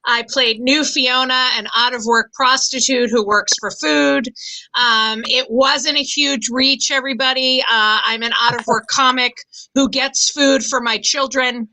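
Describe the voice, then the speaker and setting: A middle-aged woman from the Boston area works a comedy club stage, her high voice ringing very bright over the handheld mic. She talks in a self-deprecating, halting way, full of ums and stumbling restarts. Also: steady tone, low-quality recording. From Boston area, USA. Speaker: stand-up comic. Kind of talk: stand-up comedy set.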